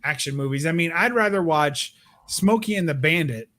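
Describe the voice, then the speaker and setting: A man with a fairly high voice talks in a loose, casual livestream chat. He is blunt and opinionated, swearing freely as he makes his points. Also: expressive, moderate pace, a bit bright. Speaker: livestream co-host.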